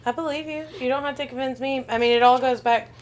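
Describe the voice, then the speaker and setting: A woman's voice: high voice, fairly even intonation, quick pace. A young adult woman co-hosting a podcast in casual chat, with wry, sarcastic remarks. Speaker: podcast co-host.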